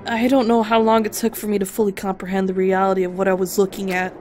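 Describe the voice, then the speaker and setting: A woman's voice: medium pitch, little pitch movement, fast talker, a little mellow. Emotional, swearing woman gamer. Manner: emotional, swears, bursts into screams. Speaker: let's player. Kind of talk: reading game text aloud with reactions. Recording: background game music.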